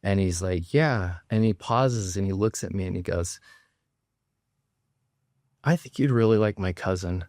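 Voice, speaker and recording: A man's voice: low voice, a little slow, long pauses, a little mellow, no room sound, studio quality. A man in his forties, a podcast guest, telling a rambling story with many fillers in casual chat, near tears. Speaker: podcast guest, plastic surgeon.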